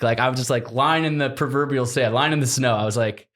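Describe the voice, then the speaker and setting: A man in his thirties tells a story in a relaxed podcast chat. He talks in an animated way, acts out what people said and laughs along, at a middle pitch. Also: quick pace. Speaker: guest, explorer.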